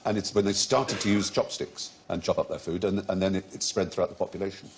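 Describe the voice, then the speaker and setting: There's a little hiss or hum behind this low, fast voice. It belongs to a middle-aged comedy quiz show host who explains odd facts with relish, stays lively and erudite, and laughs often as he hosts the witty panel show.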